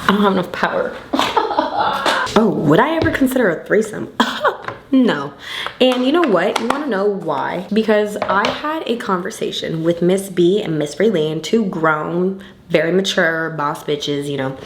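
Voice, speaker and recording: A woman's voice: fairly low pitch, lively intonation, unhurried, reverberant, background noise. A tipsy young woman rambling loosely through a get-ready-with-me vlog, slangy and full of swearing. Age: young adult. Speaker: beauty vlogger.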